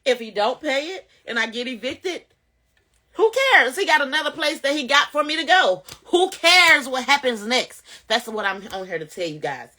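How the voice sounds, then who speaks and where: Woman vlogger, bright and forceful voice, pitched a little high, preaches straight to viewers. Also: normal speed, hardly any pauses. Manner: animated, preachy, addresses viewers directly. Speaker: vlogger sharing testimony. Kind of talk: casual spoken testimony to camera.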